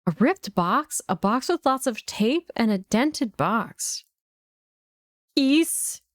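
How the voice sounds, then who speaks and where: A woman's voice: a little high, expressive, takes it slowly, dry recording, studio quality. A woman streamer chatting with her viewers while playing a game, playful and giggly, with crude jokes, on a desk mic. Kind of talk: live-streamed game playthrough chat.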